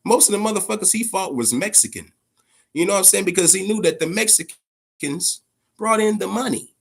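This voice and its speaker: A man hosting a loose live-stream chat, his voice sitting a little high. He swears constantly and rambles, often repeating a line for emphasis. He talks straight to his viewers. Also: lively intonation, fairly quick, gravelly. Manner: profane and rambling, addresses viewers directly.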